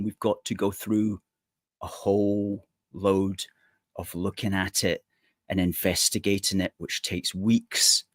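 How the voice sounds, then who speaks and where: A man's voice: lowish voice, dry recording, clean studio sound. A man hosting a political commentary show, reading out news items with sarcastic, indignant asides.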